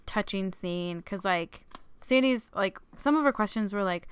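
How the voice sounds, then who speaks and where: A woman's voice: mid-range voice, unhurried, clear, resonant tone, no echo. A woman co-hosting a podcast, chatting casually about a movie with many "like" fillers. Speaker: podcast co-host. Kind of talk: casual chat recapping a movie.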